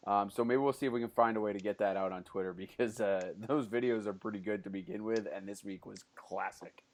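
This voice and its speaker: A man with a fairly low voice hosts a laid-back podcast conversation. He talks loosely and keeps stopping to restart his sentences, with lots of "uh" and "um" as he steers the chat. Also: a little fast. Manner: relaxed, loose, with frequent fillers and restarts. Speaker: podcast host.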